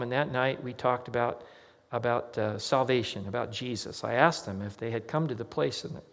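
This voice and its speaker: A man preaches in a church, telling a story the way he would at a kitchen table and voicing each person he quotes. His voice sits in an ordinary middle pitch. A long reverb tail hangs after his words in a large hall. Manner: conversational, anecdotal, acts out quoted dialogue. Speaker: pastor.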